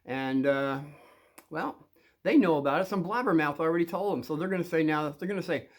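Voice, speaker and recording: A man's voice: fairly high pitch, a little fast. A man talking to the camera and giving casual advice, rambling with many fillers and restarts. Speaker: advice vlogger.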